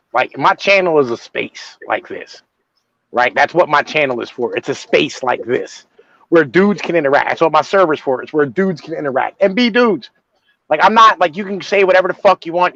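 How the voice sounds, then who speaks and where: A man's voice: a little high, a bit bright, no echo. A man chatting casually and brashly, swearing in almost every sentence. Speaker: guest. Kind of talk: casual profane chat. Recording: dull, dry lo-fi audio.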